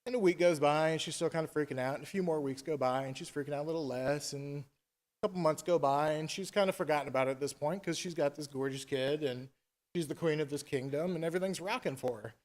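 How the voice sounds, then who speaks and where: A man retelling a fairy tale at a conference in a casual, animated, chatty way. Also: on the high side, fast talker. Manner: animated, chatty, tag questions. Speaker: conference speaker. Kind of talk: casual storytelling talk.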